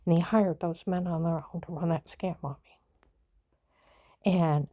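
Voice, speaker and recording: A woman's voice: fairly low pitch, steady tone, measured pace, mellow. A woman telling a long personal story in a heated, repetitive way, swearing bluntly and often repeating "I said.". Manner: heated, repetitive retelling with frequent "I said". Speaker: vlogger.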